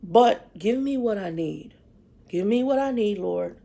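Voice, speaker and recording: A woman hosting a ministry livestream, talking and preaching in a relaxed, conversational way, often acting out the voices of people she quotes. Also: medium pitch, measured pace, gravelly. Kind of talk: casual spiritual talk. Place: in a car.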